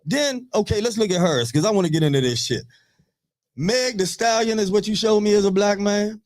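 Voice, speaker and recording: A man in his thirties on a radio talk show, telling profane, animated stories in casual chat. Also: high voice, fairly quick.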